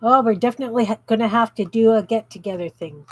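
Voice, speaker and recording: A woman's voice: on the high side, fast talker, poor audio. A woman hosting a craft livestream from her home craft room, chatting casually and reading out viewer comments as she works. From Canada. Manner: chatty, reads out viewer comments while working.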